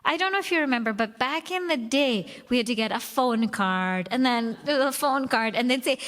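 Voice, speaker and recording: A woman's voice: sits high, lively intonation, moderate pace, a bit bright. A woman giving a spiritual retreat talk with stories, repeating phrases and dropping to a whisper for emphasis. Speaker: spiritual teacher. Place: retreat hall. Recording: long reverb of a hall.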